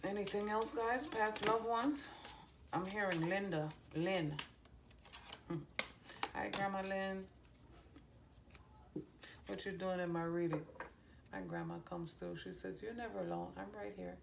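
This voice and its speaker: Low, gravelly-voiced woman giving a psychic reading. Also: steady tone. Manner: halting, many ums and restarts, relays heard messages. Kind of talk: channeled reading to viewers. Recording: faint background noise.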